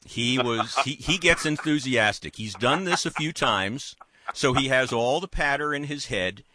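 Lively-voiced male radio host. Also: mid-range voice, unhurried, slight background noise. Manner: chatty, conversational, digressive. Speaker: radio talk show host. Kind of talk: talk radio call-in.

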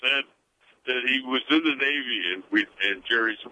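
A man from Chicago calling into a radio show, talking in a warm, rambling way with many hesitations over a phone line. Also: medium pitch, normal speed, slight background noise. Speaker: caller. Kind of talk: phone-in call.

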